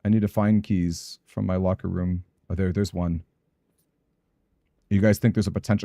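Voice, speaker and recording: A man's voice: low voice, flat delivery, normal speed, gravelly, long pauses, warm tone, dry recording, clean studio sound. A man playing a video game and thinking aloud, anxious and muttering to himself as he plans his moves. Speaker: gaming streamer. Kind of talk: let's play commentary.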